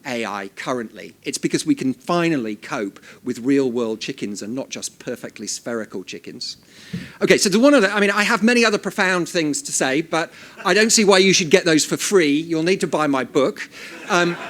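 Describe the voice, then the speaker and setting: A middle-aged man giving a humorous after-dinner talk with dry, self-deprecating jokes, speaking into a handheld microphone before an audience at an event. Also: fairly high pitch. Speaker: invited speaker.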